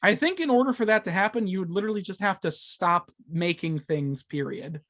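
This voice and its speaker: A man's voice: high-pitched, animated, fairly quick, a bit bright. Guy co-hosting a gaming podcast, goofs around, laughs all the time. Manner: jokey, laughs often, slips into silly voices. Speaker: podcast co-host. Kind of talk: casual chat.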